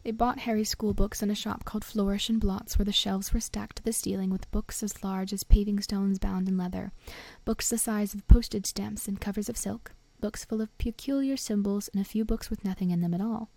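A woman reading a storybook aloud in a soft, often whispered voice. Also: mid-range voice, steady tone, fairly quick, creaky, few pauses, no room sound. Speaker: reader.

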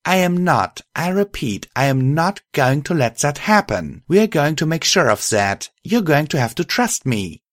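A man's voice: a little high, very animated, normal speed, few pauses, no room sound, studio quality, voice pushed up. Man doing a determined pony leader, firm, earnest, raised voice.

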